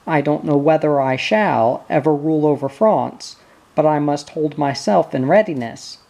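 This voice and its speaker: A reader voicing an eighteen-year-old prince who talks in a proud, intense and resentful way. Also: male voice, fairly high pitch, normal speed, creaky, warm tone. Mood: bitter earnest. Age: teens.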